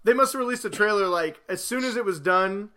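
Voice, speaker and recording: An excitable man hosts a casual podcast, rambling through stories and getting louder as they build. His voice sits high and sounds bright and forceful. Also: fairly quick. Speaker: podcast host.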